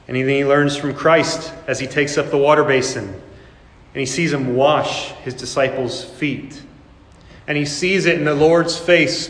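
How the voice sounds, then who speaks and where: Man preaching in an echoey hall. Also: medium pitch. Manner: acts out quoted voices, laughing asides. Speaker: pastor. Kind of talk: sermon.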